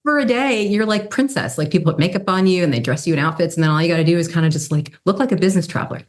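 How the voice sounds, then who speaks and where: Low-voiced animated woman in her fifties. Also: very fast. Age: 50s. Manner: animated, acts out quoted people with pitch jumps. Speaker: guest, brand strategy consultant and model. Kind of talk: casual storytelling in an interview.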